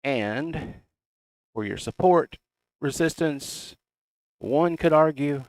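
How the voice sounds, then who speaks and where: A man's voice: on the high side, lively intonation, takes it slowly. A middle-aged man with a Southern US accent, reading out price levels in casual, folksy chart commentary. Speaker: crypto chart analyst.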